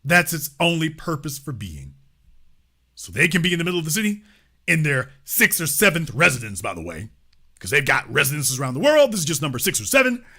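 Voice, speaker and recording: Commentary host, male, bright, forceful voice; emphatic, stretches key words, swears freely. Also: on the high side, very animated. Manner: emphatic, rhetorical questions, drawn-out stresses, swearing. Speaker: host of a political commentary show. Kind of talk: impassioned political commentary.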